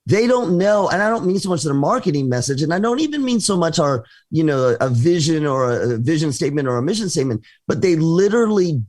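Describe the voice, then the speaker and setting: Male business show co-host, slightly high voice, halting and self-correcting delivery. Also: sing-song, a little mellow. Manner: hesitant, many restarts and fillers. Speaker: podcast co-host. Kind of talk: conversational business talk.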